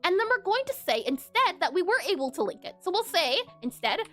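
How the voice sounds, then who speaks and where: A woman with a very high, lively voice chats her way through a live coding stream. Her tone is bright and forceful, and she breaks into giggles often. Faint music plays behind her. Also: fast talker. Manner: giggly and playful, laughs often. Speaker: game developer streaming. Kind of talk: casual live-stream chat while coding.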